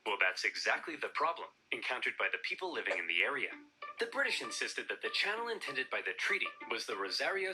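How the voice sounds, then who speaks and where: A man's voice: mid-range voice, big pitch swings, fast talker, low-quality recording. Playful guy narrating cartoon history, voice bouncing all over, music behind. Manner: wry, playful, theatrical.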